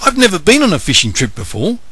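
A man voicing a young male elephant who talks like an excitable child. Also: medium pitch, normal speed. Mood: eager. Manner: loud, childlike outbursts. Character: young male elephant, sulky then eager.

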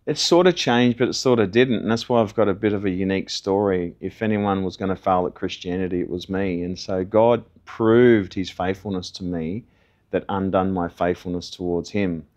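A man's voice: deep voice, moderate pace, a little mellow. Earnest man telling his story. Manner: earnest, conversational storytelling with acted quotes. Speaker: testimony guest. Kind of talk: personal testimony.

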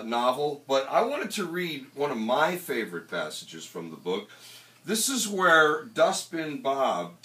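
A male author reading his own novel aloud in an animated, emphatic way. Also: mid-range voice. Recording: roomy, distant mic.

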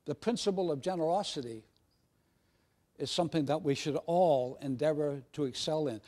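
A man's voice: a little high, a little mellow. A man preaching a sermon in a jovial, conversational way with frequent restarts. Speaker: guest preacher.

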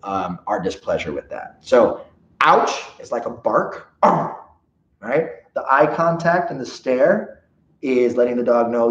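A man teaching a dog training seminar with a lively, swooping delivery that keeps checking in with "okay?" and "right?". The sound is dull and lo-fi, in a roomy space. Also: mid-range voice, a little slow.

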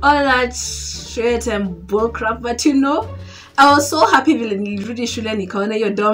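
A young Kenyan woman with a Kenyan accent, telling an animated storytime in a casual vlog. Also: on the high side, moderate pace, soft background music. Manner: animated, code-switching English and Swahili slang. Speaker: vlogger.

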